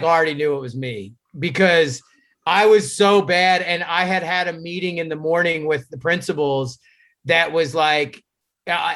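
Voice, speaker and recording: A man with a noticeably high speaking voice tells a story in a loose, casual way. He swears freely and breaks into laughter mid-sentence. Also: fairly bright tone. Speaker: guest.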